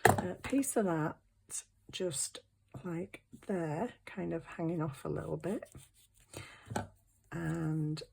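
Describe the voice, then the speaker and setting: Middle-aged woman, low gravelly voice, slow chatty crafting vlog talk. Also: steady tone, a little mellow, slight background noise. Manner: chatty, self-talking, apologetic and flustered. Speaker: craft channel host. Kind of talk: casual crafting vlog chat.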